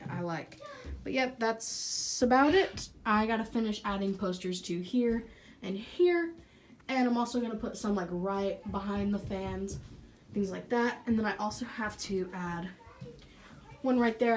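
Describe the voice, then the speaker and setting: A bubbly late-teen beauty vlogger gives a sassy, casual room tour chat in her bedroom, her mid-range voice carrying a darkish tone. She's congested with a stuffy nose and breathing hard, and there's slight background noise.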